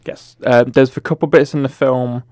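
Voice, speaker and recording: Easygoing guy co-hosting a film chat, mid-pitched, lots of "like," dry close mic. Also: fairly even intonation, normal speed, darkish tone, no echo. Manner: easygoing, fillers like "like". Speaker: podcast co-host. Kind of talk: casual chat.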